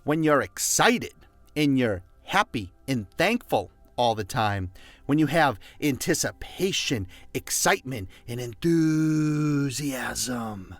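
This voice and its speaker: Emphatic, lively man giving a motivational talk. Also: medium pitch, no echo. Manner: emphatic and repetitive, leads listeners in call-and-response. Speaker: motivational speaker.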